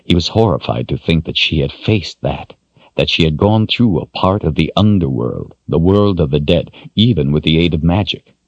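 A man narrating an audiobook in a measured, expressive storytelling manner. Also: extremely low pitch, breathy edge, dry recording, dull audio. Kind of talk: scripted narration.

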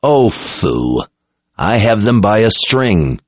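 A man's voice: fairly low pitch, sing-song, slow pace, no echo, pitched above the performer's own voice, full character voice. A man voicing a haughty, arrogant male sorcerer who drawls his words. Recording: dull lo-fi recording.

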